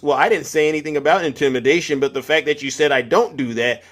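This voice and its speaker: Male live-stream host, higher voice, animated and mocking, casual commentary. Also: fast.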